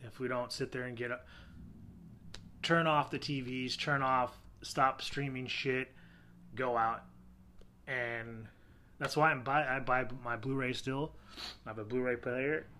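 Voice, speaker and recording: A man's voice: medium pitch, fairly even intonation, a little slow, pauses often, bright, forceful tone, slight background noise. A father in his thirties ranting casually about technology, heated and rambling with frequent restarts. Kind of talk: casual rant to camera.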